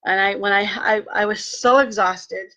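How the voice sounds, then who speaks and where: A woman telling a personal story in a lively way, acting out what people said and turning earnest when she speaks of faith. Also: medium pitch, a little slow. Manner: animated, acts out quoted dialogue. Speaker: vlogger sharing a personal testimony.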